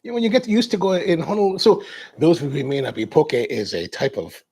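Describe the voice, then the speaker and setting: A man's voice: a little high, big pitch swings, brisk, darkish tone, slightly rough. A man hosting a coffee show, chatting casually in a rambling way, drifting off on tangents and restarting his sentences. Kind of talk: casual chat.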